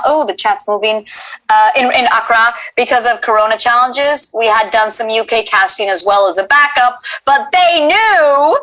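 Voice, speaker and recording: Bubbly woman streamer gushing over chat, bright crisp voice, pitched a bit high. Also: normal speed, low-quality recording. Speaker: host. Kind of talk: casual livestream chat.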